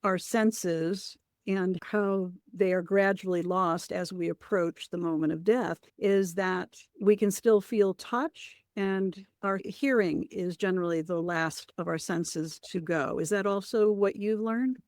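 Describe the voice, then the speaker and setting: A woman hosting a podcast conversation, with a gravelly voice at a middle pitch. Her sound is close and dry, and she asks her questions warmly and encouragingly. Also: a little slow, few pauses, no room sound. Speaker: podcast host. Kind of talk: interview conversation.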